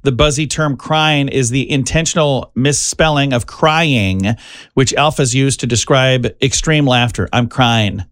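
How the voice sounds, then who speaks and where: A man's voice: mid-range voice, measured pace, fairly bright tone, no room sound, studio quality. A middle-aged man co-hosting a radio show, reading out a light news list with jokey, self-mocking asides.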